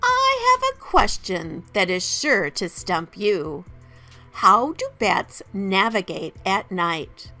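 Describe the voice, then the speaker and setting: A woman's voice: mid-range voice, very animated, slow, bright, forceful tone, soft background music, full character voice. A woman voicing a teasing, gleeful Halloween witch in a sing-song storybook voice. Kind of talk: storybook character voice.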